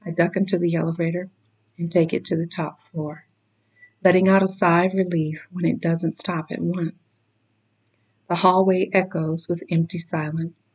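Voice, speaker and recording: Woman reading a novel aloud, low voice, very even and flat, occasional self-corrections. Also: moderate pace, slightly rough, rough recording. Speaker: reader.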